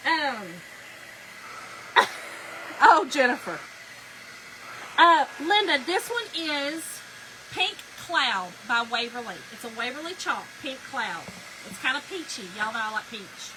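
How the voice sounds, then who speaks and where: Brief: middle-aged woman, animated live-stream storyteller, bright high voice, noisy room with a hair dryer running. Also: a little slow. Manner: chatty, animated, laughing, talks to viewers as y'all. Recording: background noise with a hair dryer.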